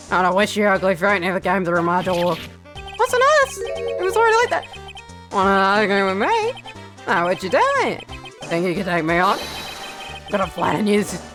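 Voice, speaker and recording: A woman voicing a gruff, threatening mobster boss in a game read-through, with game music behind her. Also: mid-range voice, voice pushed down, natural voice.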